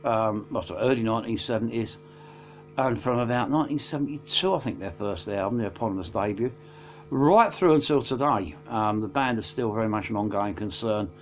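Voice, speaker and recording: A man's voice: lowish voice, fairly quick. A man, casually reviewing albums from his collection, rambling with many fillers and self-corrections. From England. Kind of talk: casual chat.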